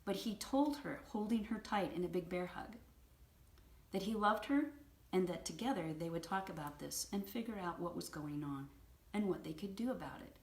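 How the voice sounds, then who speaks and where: A woman hosting a book review, retelling an anecdote in a vivid, animated storytelling manner. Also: on the low side, moderate pace. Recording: roomy echo.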